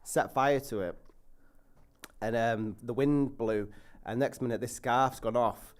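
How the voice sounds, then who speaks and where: A man's voice: mid-range voice, a little slow. Guy on a football podcast, self-deprecating, bit crude. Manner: self-mocking, hesitant restarts, crude humour. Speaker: podcast co-host. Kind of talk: casual football chat.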